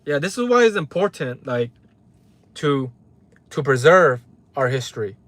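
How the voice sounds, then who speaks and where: A livestream host from Los Angeles, United States, rants heatedly to his chat, often profanely, reading out viewers' names and repeating "right?" for emphasis. His voice is medium-pitched, very animated, fairly bright, a little slow, with no room sound.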